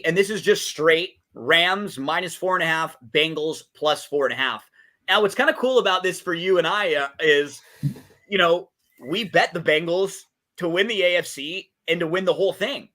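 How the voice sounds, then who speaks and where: A man's voice: sits high, moderate pace, pushed and bright. A man co-hosting a podcast, chatting casually about race and game picks with lots of fillers and restarts. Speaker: podcast co-host. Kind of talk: casual betting talk. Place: podcast setup.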